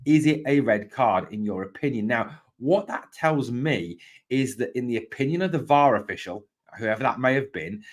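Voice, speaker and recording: A man's voice: mid-range voice, a bit bright. A man hosting a live fan podcast, talking emphatically, repeating his points and greeting viewers by name. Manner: emphatic, repeats points, opens with "now, look"; reads viewer comments and greets them. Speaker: podcast host.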